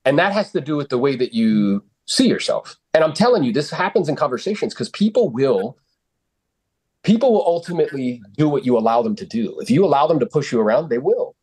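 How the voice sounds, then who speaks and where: A man's voice: medium pitch, very animated, fairly quick, a little mellow, husky. A man coaching real estate agents on sales calls, blunt and confident, swearing freely and using lots of fillers.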